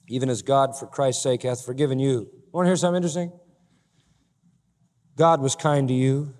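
Emphatic high-voiced male preacher in a reverberant hall. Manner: emphatic, rising to loud peaks and dropping low; asks the congregation direct rhetorical questions. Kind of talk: sermon.

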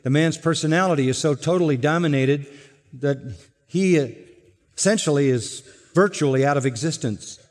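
A man's voice: on the high side, a little mellow. Man preaching in a reverberant hall. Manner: earnest, emphatic preaching with dramatic slow stresses. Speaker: pastor. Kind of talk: expository sermon.

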